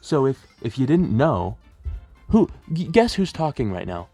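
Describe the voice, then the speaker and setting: Young man chatting in a lively tutorial. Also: medium pitch, measured pace, husky, dry recording, faint music behind. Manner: chatty, rambling, self-deprecating. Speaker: plush video creator. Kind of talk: casual tutorial vlog. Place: bedroom at home.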